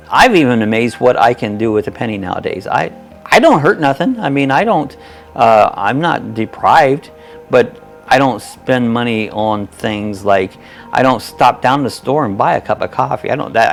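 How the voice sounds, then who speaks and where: A gravelly, mid-range male voice belongs to a man in his sixties hosting a live chat stream. He rambles in a folksy way and chuckles often while reading viewers' comments aloud.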